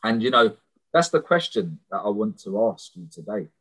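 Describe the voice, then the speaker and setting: A man's voice: fairly low pitch, sing-song, moderate pace, fairly bright tone, husky, low-quality recording. A man preaching a sermon as a prison missionary, sharing stories in an earnest, conversational way and often repeating words as he starts a phrase. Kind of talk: sermon with personal testimony.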